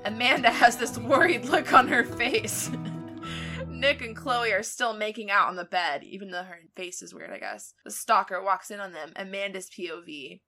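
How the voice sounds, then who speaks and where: A woman's voice: mid-range voice, lively intonation, normal speed, sharp tone, faint music behind. A young woman co-hosting a podcast, reading fan fiction aloud with frequent laughter and asides. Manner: laughs often, reads stiffly then comments. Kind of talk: giggly comedic read-aloud with silly voices.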